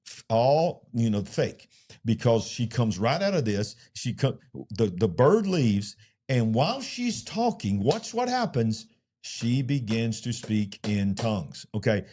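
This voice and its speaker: A man's voice: mid-range voice, big pitch swings, a little slow, warm tone. A man co-hosting a Christian ministry show, reviewing a film in casual chat and speaking emphatically, often repeating words as he gets going.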